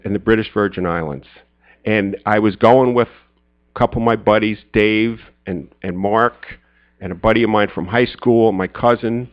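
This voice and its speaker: A middle-aged man telling a personal story as a speaker at a men's church gathering. He is an animated storyteller who acts out friends' lines in a high, excited voice. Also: highs cut off. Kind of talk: storytelling sermon.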